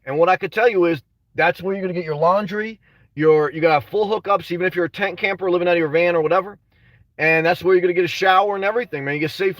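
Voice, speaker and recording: A man's voice: high voice, a bit bright, no room sound, recorded from a distance. A man rambling in a casual livestream, reading out chat messages, frustrated and full of restarts and "man". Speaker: vlogger reading live chat.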